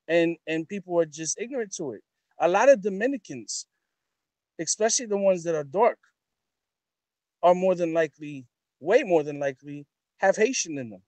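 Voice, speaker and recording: Emphatic high-voiced man, dry sound. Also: no echo. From New York. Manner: emphatic, repetitive, building rhetorical questions. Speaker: guest. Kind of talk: impassioned talk-show commentary.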